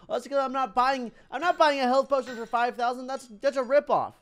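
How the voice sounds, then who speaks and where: A young man giving excitable let's-play commentary, thinking aloud and laughing as he plays. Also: very high voice, fast talker, few pauses, clean tone. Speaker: gaming YouTuber.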